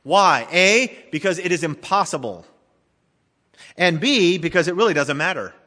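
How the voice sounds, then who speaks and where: A middle-aged male pastor preaching a sermon in a church, dramatically swinging between emphatic and hushed delivery. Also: on the high side, animated, moderate pace. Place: church sanctuary. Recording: long reverb of a large church hall.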